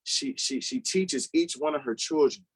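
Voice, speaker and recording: A man's voice: fairly high pitch, sing-song, moderate pace, vocal fry, breathy edge. A man with a Chicago accent, a guest father on a podcast, talking earnestly with many repeated words. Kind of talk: casual podcast interview.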